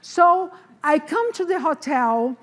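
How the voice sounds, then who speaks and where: A woman in her sixties telling a personal faith testimony in an animated way, acting out the voices of the people in her story. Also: sits high, takes it slowly, big-room sound. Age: 60s.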